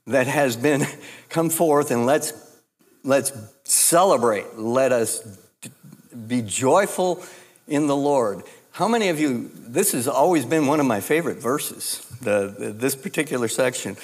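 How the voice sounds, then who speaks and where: A man preaching a sermon as pastor, speaking in a measured, deliberate way with frequent restarts. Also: mid-range voice, expressive. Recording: long hall reverb.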